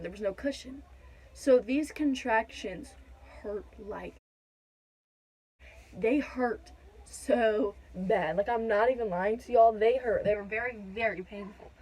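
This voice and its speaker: A young woman vlogger with a slightly high voice shares a casual storytime with her viewers, chatty and direct, filling gaps with "da da da." The audio quality is poor.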